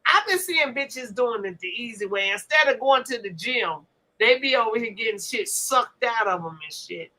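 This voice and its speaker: A woman hosting a podcast, chatting loudly with lots of laughter and profanity. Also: fairly high pitch, lively intonation, normal speed, poor audio. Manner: loud, laughing, profane banter. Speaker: podcast host. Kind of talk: casual chat.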